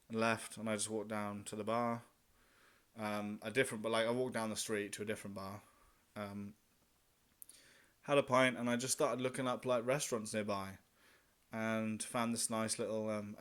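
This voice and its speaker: A man's voice: fairly low pitch, flat delivery, a little slow, pauses often, fairly bright tone, clear, resonant tone. A young man vlogging about solo travel, telling a story in a casual, chatty way, swearing freely and acting out his own remarks.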